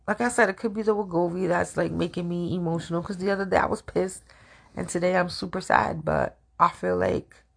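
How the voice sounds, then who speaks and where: A woman hosting her own podcast, talking through a personal monologue in a halting, emotional way and often repeating her words. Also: deep voice, creaky, fairly bright tone, husky. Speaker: podcast host.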